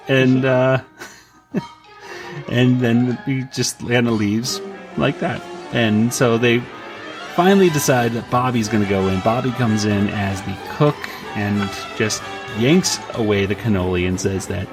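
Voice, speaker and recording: A man's voice: medium pitch, unhurried, faint music behind. A man co-hosting a podcast, casually recapping a comic and acting out the characters' lines in raised voices, with many fillers. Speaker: podcast co-host.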